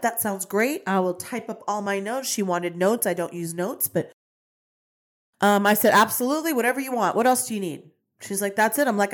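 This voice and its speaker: A woman hosting a podcast, giving a fervent, emphatic spiritual pep talk. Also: on the high side. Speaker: podcast host. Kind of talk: motivational monologue.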